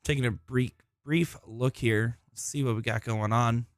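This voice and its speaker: Casting: man, mid-pitched, chatty, self-deprecating live darts commentator, dry close mic. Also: fairly even intonation, measured pace, no room sound. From Florida. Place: busy indoor tournament hall.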